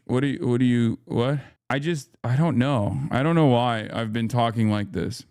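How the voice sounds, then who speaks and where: A man's voice: mid-range voice, moderate pace, darkish tone, clear, resonant tone, no echo, studio quality. A man in his thirties talking casually on a live stream, rambling with restarts and fillers and reading viewer comments aloud.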